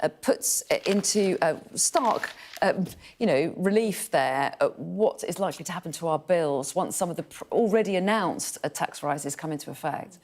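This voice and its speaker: Woman news presenter, halting, lowish voice. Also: animated, darkish tone. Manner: hesitant, many fillers, steers conversation. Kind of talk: live studio discussion. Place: TV news studio.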